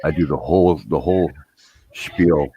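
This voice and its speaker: A man's voice: very deep voice, moderate pace, breathy edge, no room sound, lo-fi sound. A man chatting on a live stream, laid-back with a dry, teasing wit. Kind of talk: casual live-stream chat.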